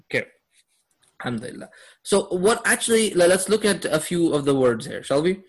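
A man's voice: high voice, sing-song, brisk, breathy edge. Upbeat man teaching Arabic words. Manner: asks students questions, upbeat with laughs. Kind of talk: classroom lesson.

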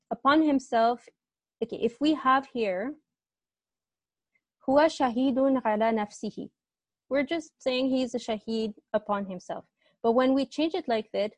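A young woman works through a grammar lesson over a computer mic. Her voice sits a little high and sounds dry and close. She hesitates, restarts and apologizes as she explains. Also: no room sound. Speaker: teaching assistant. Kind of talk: online grammar tutorial.

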